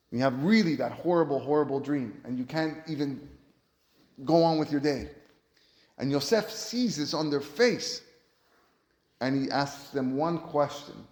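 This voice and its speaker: A man's voice: medium pitch, moderate pace, darkish tone. A male rabbi preaching and telling stories in an earnest, rhetorical way, with a mid-range voice. The sound rings in a roomy, echoing space. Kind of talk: sermon-style Torah lesson with storytelling. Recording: roomy echo.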